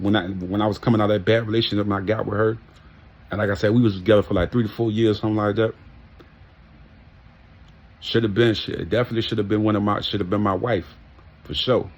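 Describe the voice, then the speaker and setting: A man telling a casual, heartfelt story, emphatic and full of street slang and profanity. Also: lowish voice. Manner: heartfelt and reminiscing. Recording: muffled lo-fi audio.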